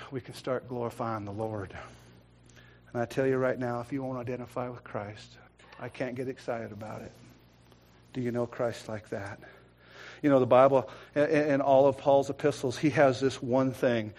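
A middle-aged man preaching a sermon, swinging between loud bursts and quiet asides and acting out the voices in his stories. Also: medium pitch. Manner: acts out quoted voices in storytelling. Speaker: pastor.

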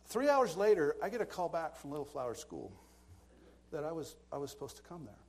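A man's voice: fairly high pitch, sing-song, brisk, a little mellow. A man preaching a sermon, telling stories with dramatic asides and bursts of laughter. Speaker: pastor. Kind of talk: storytelling sermon.

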